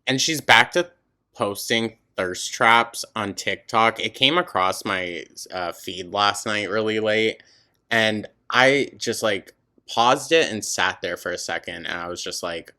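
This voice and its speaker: A man's voice: lowish voice, a little slow, sharp tone. A man giving scornful, sarcastic commentary over a video clip, swearing freely. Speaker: reaction commentator.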